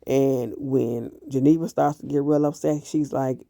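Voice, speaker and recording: A man recapping a TV series episode in casual, animated commentary, blunt and full of profanity. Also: mid-range voice, a little slow, vocal fry, no room sound, studio quality. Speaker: TV show reviewer.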